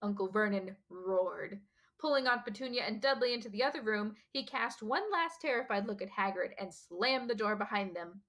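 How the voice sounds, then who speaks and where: A teacher reading a novel aloud in a steady, expressive storytelling manner. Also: female voice, medium pitch, moderate pace.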